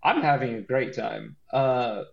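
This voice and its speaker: A man co-hosting a podcast in casual chat, animated and joking, with a lot of laughing and restarts. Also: medium pitch, measured pace, vocal fry, highs cut off. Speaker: podcast co-host.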